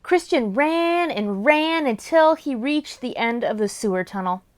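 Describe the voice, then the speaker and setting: A woman hosting story time, reading a children's book aloud in an expressive storytelling manner. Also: fairly high pitch, moderate pace, clear, resonant tone.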